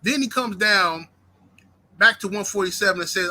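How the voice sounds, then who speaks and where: Fired-up, high-voiced man ranting about boxing. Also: normal speed, pushed and bright. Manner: profane, fired-up, fires rhetorical questions. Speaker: boxing commentator host. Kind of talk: heated live boxing commentary rant.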